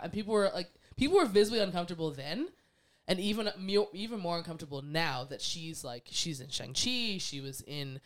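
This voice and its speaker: Woman guest, casual chat, lively and opinionated, smooth resonant tone. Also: on the low side, brisk. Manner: animated, acts out quoted voices, laughs often.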